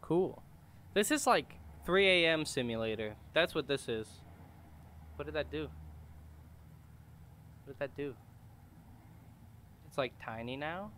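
A man's voice: fairly high pitch, lively intonation, unhurried, pauses often, fairly bright tone, slight background noise. A young man making jokey let's-play commentary on a horror game, talking back to the game. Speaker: gaming YouTuber.

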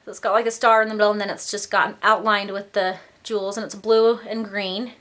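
A woman's voice: mid-range voice, level tone, fairly quick, a bit bright. A young woman chatting casually in a vlog, gushing and filling her talk with "like" and "um", a little out of breath. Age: young adult. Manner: chatty, gushing, lots of filler "like" and "um". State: slightly out of breath. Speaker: vlogger.

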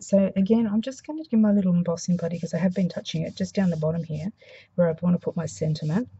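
Brief: Australian woman craft demonstrator, low gravelly voice, slightly hoarse, mumbles softly, dull lo-fi recording. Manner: soft-spoken, mumbling, thinking aloud. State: hoarse after flu. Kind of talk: casual craft tutorial.

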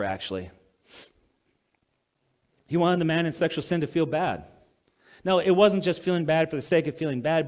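A pastor preaching a sermon in a conversational way, reading scripture aloud, then explaining it plainly and asking the congregation questions. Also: male voice, a little high, a little mellow.

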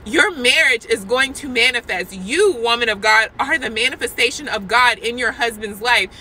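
A woman's voice: fairly high pitch, normal speed, bright, forceful tone, slight background noise, poor audio. A woman sharing an impassioned prophetic testimony from a church parking lot, earnest and repetitive, speaking straight to her viewers. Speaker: Christian vlogger sharing a prophetic word.

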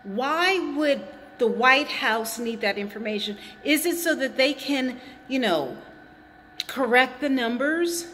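A woman's voice: high voice, slow, fairly bright tone, in a large hall, slight background noise. A woman vlogging from a hot garage, rambling and indignant as she repeats her points while chewing gum. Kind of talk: casual opinion vlog.

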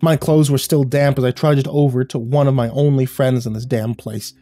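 A man telling a first-person horror story as scripted narration, grim and measured. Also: mid-range voice, steady tone, mellow, no echo.

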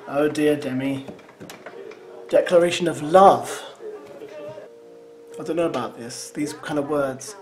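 A man's voice: fairly high pitch, slow pace, long pauses, darkish tone. A man giving teasing, sarcastic running commentary as he reacts to a show. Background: show soundtrack music.

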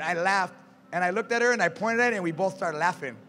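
Bright high-voiced male preacher. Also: quick pace. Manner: animated, calls out to the congregation. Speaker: pastor. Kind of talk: sermon. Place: church sanctuary. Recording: reverberant church hall, faint music.

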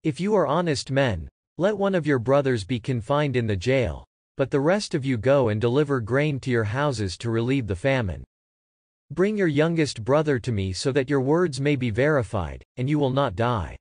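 A man's voice: mid-range voice, expressive, normal speed, a little mellow, no echo, clean studio sound, natural voice. A man reading the lines of a stern male governor in a scripture lesson, in a commanding voice. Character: stern male Egyptian governor testing his brothers.

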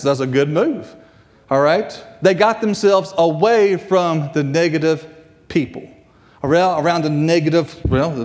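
High-voiced man preaching in a hall. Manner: repeats phrases, animated pitch swings. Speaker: guest preacher. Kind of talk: sermon. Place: church sanctuary. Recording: church hall reverb.

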